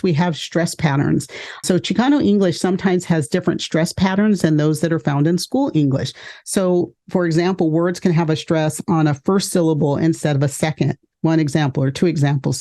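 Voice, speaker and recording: A woman educator and podcast host giving a measured explanatory lecture, walking through points with examples. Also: fairly low pitch, dark tone.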